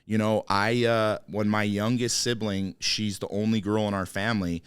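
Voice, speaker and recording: A man's voice: fairly low pitch, flat delivery, moderate pace, clear, resonant tone, no room sound. A man hosting a podcast, talking in an earnest, impassioned way and often calling his guest "dude". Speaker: podcast host. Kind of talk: casual chat.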